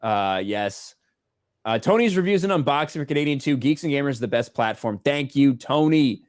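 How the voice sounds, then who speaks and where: A man's voice: mid-range voice, expressive, normal speed, no echo, studio quality. A man co-hosting a casual livestream, reading out viewer donations and swearing offhandedly. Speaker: livestream co-host reading superchats.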